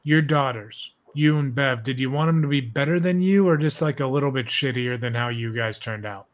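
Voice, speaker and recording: A man's voice: medium pitch, moderate pace. A man co-hosting a podcast panel, talking bluntly with lots of swearing and emphatic repetition in casual banter. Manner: blunt, profane and emphatic, repeating himself. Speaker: podcast co-host.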